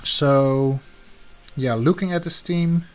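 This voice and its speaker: A man co-hosting a casual chat, talking relaxed and letting his sentences trail off softly. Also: a little high, takes it slowly. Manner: relaxed, trails off with soft endings. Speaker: co-host ranking draft teams.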